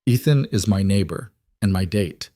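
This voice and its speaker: A man's voice: sits low, lively intonation, moderate pace, mellow, dry recording. A man voicing a guarded young woman doctor, dry and close.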